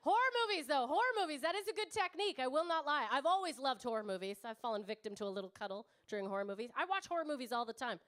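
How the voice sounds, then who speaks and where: A woman's voice: high voice, animated, racing, few pauses, a bit bright. A woman in her thirties doing stand-up comedy, brash and teasing the crowd, swearing freely. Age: 30s. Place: comedy club stage before a live audience.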